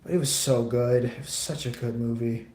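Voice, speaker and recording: A man's voice: mid-range voice, fairly even intonation, normal speed, mellow, echoey room. A man livestreaming while he builds a model kit, chatting casually in a rambling, profane way with lots of restarts.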